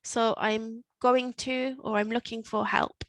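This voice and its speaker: A woman teaching Spanish to learners, repeating phrases slowly and explaining them step by step. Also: a little high, flat delivery, no echo, low-quality recording. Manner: slow, careful modelling of Spanish phrases. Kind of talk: recorded language lesson.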